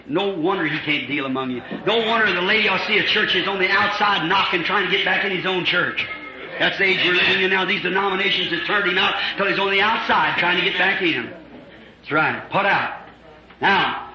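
A male preacher giving an impassioned revival sermon, swinging into shouts and acting out voices from scripture. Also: sits high. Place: church with congregation. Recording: lo-fi echoey church recording with congregation. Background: congregation responding.

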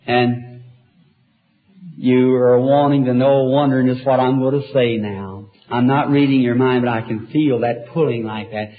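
A man's voice: medium pitch, fairly even intonation, unhurried. Man preaching on a tinny old recording. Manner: gentle, earnest, talks directly to each person. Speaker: evangelist leading a healing line. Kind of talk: healing-service preaching.

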